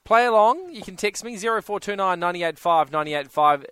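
A man's voice: sits high, expressive, normal speed, fairly bright tone, clean tone, dry recording. Aussie radio guy hosting a song quiz, playful and teasing, dead dry studio mic. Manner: playful, teasing game presenter. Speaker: radio host. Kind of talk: casual radio banter. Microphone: studio microphone.

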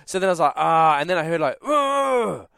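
A man's voice: on the high side, rapid-fire, vocal fry, clear, resonant tone, dry recording, clean studio sound. A young man hosting a radio show, telling a story with lots of acted-out voices. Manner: animated storyteller acting out voices. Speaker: radio host. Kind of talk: casual chat.

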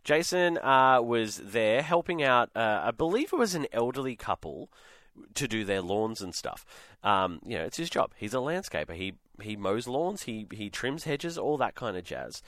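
A man with an Australian accent hosting a radio show in a chatty, animated way. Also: medium pitch, moderate pace, no room sound, studio quality. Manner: chatty, animated, acts out quotes. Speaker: radio host. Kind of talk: casual radio chat. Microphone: studio microphone.

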